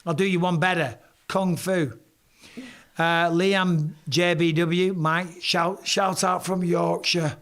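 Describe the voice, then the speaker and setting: Hoarse man on a live stream. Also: high-pitched, little pitch movement, slow, hardly any pauses, fairly bright tone. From England. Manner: cheeky, swearing, banter with the chat. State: hoarse, voice strained. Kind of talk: casual live stream chat reading viewer comments.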